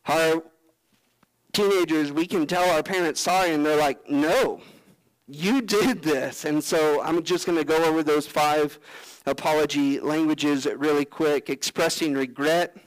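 A pastor preaching a sermon, earnest, often acting out prayers and the words of Bible figures. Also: male voice, a little high, fairly even intonation, moderate pace, clean tone, low-quality recording.

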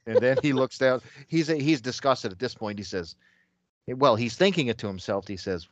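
A man co-hosting a relaxed podcast about old comics, laughing as he goes and slipping into gruff voices for the lines he reads. His audio sounds dull and lo-fi. The room is dry and close. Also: medium pitch, normal speed, no echo. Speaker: podcast co-host. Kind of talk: casual comic book review chat.

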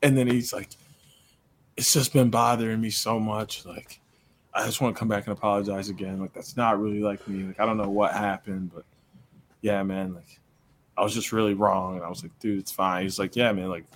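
A young man, a podcast co-host and coach, telling a story in casual chat, animated and laughing, full of filler words. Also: fairly low pitch, brisk, a little hiss or hum.

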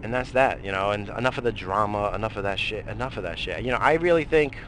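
A man's voice: fairly low pitch, quick pace, a bit bright, slight background noise. A man hosting a radio show, rambling casually with lots of swearing and fillers. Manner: profane, rambling, many fillers.

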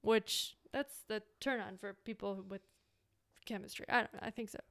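A young woman in casual chat, reacting to a film with sarcastic, quick quips. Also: medium pitch, steady tone, gravelly, fairly bright tone.

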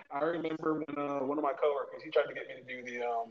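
A man's voice: on the high side, a little fast, heavy background noise. A young man from North Carolina telling a story in casual chat, laughing and acting out what others said. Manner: laid-back, laughing, acts out quoted voices. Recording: echoey room, dull lo-fi sound.

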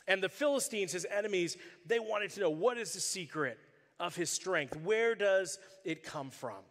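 A man's voice: high-pitched, moderate pace, long reverb tail. A male pastor preaching a sermon, telling stories with animation and acting out the characters' voices. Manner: animated storytelling, acts out voices.

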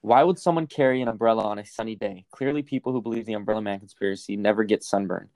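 A man's voice: lowish voice, fast talker, a little mellow, no echo. A young man co-hosting a casual podcast, reading facts aloud and rambling into stories, with lots of swearing. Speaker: podcast co-host.

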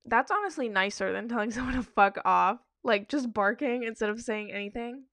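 A woman's voice: a little high, fairly quick, fairly bright tone, no room sound. A woman giving casual, blunt reaction commentary on advice-forum stories, emphatic and profane.

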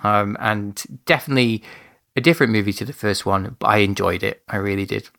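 Chatty podcast host dad, dry mic. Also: male voice, on the low side, fairly even intonation, brisk, gravelly, fairly bright tone, no echo. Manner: chatty, repeats himself, laughs easily. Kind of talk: casual chat.

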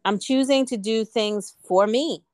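A woman's voice: fairly high pitch, measured pace, darkish tone. A woman co-hosting a podcast, talking in a reflective, earnest casual way. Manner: reflective, earnest, many "like" fillers. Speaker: podcast co-host. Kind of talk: casual chat.

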